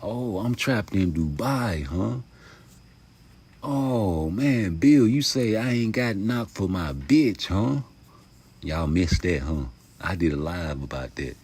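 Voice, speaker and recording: A man hosting a casual boxing vlog, talking passionately in heavy street slang and profanity, jumping from loud outbursts to mumbled asides. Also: deep voice, expressive, slow pace, husky. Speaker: YouTube boxing commentator.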